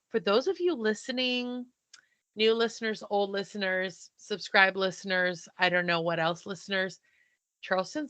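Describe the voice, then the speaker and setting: A woman co-hosting a podcast, telling a story in a casual, animated way and acting out the dialogue. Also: medium pitch, dry recording. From not from the South. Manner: animated, breathless retelling with quoted dialogue. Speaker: podcast co-host.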